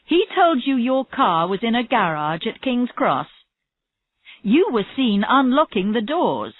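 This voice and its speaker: A woman reading the part of a persistent female detective who questions a suspect, speaking slowly and steadily. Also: on the high side, big pitch swings, a little hiss or hum, voice pushed up. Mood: probing. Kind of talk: reading a graded story aloud. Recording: tinny phone-like audio, dry.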